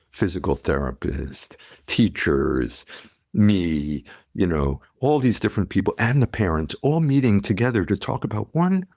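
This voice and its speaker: Low gravelly male storyteller. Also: no echo, clean studio sound. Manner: animated storyteller, acts out quotes. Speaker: podcast guest, pediatrician. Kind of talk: conversational storytelling.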